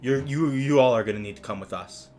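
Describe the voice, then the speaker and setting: A man's voice: mid-range voice, fast, a little mellow, faint music behind, natural voice. A man voicing stern male town guards in a tabletop game, speaking firmly and with authority. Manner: stern, firm, commanding.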